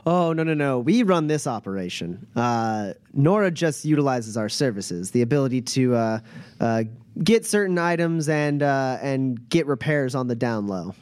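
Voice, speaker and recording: A man voicing a woman who leads a small undercity crew in a tabletop game, speaking haltingly with many fillers. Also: medium pitch, expressive, darkish tone, clean tone, dry recording, close to an everyday voice. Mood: matter-of-fact. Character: woman gang leader in the undercity, hesitant.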